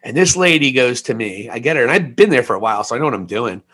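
Animated man in his forties, storytelling. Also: medium pitch, fast, husky. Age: 40s. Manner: emotional, confessional storytelling, swears freely. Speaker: podcast host. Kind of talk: casual podcast chat.

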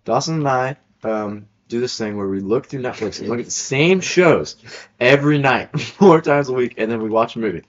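A young man co-hosting a podcast in casual banter, jokey and quick to laugh. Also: mid-range voice. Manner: jokey, laughs often, animated. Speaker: podcast co-host. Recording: dull lo-fi sound.

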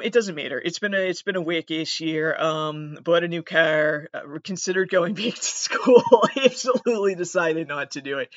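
A woman's voice: deep voice, fairly bright tone, no echo, muffled recording. Rambling, profane woman podcaster in her twenties. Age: 20s. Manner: rambling, profane, self-deprecating. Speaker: podcast host and comedian. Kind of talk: casual solo podcast monologue.

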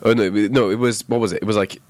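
A man's voice: on the low side, fairly even intonation, racing, no echo. A man hosting a podcast, talking in a chatty, jokey way that often breaks off and restarts, then moving into a news segment. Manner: chatty, self-interrupting, jokey. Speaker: podcast host. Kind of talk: casual chat and news segment. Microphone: throat-worn mic.

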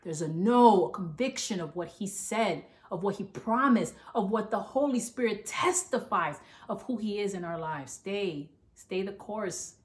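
A woman pastor delivering a fervent sermon, repeating calls to listen and sometimes running out of breath from excitement. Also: medium pitch, a little slow, few pauses. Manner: fervent, repetitive preaching with emphatic calls to listen.

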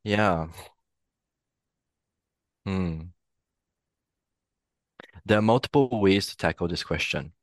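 A man's voice: low voice, dry recording. A man from Singapore, a theatre practitioner, explaining ideas as a podcast guest, thinking aloud and often checking in with "right?". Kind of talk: reflective conversational explanation.

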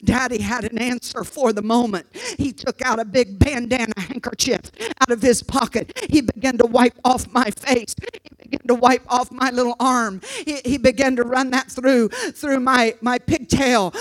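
A woman preaching a sermon, telling a story dramatically and breaking into loud, shouted exhortations. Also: a little high, fairly even intonation, normal speed, low-quality recording.

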